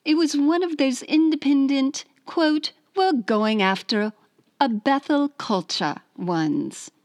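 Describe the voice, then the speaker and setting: A woman's voice: high-pitched, lively intonation, slow pace, darkish tone, no room sound, studio quality, voice pushed up. A woman reading in a hammy mock-British man's voice. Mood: storytelling. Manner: storytelling, hammy put-on accent. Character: male letter writer in a mock British accent.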